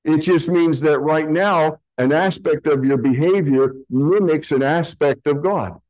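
A pastor teaching a sermon, slowly explaining Greek words from slides in a patient, deliberate way. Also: male voice, fairly high pitch, darkish tone, low-quality recording.

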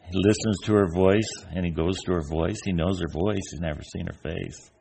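A man's voice: low-pitched, fairly even intonation, brisk, vocal fry, dark tone, a little hiss or hum. An older man giving an informal, folksy sermon, telling stories and acting out the voices of people in them. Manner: folksy storyteller, acts out imagined voices. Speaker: preacher.

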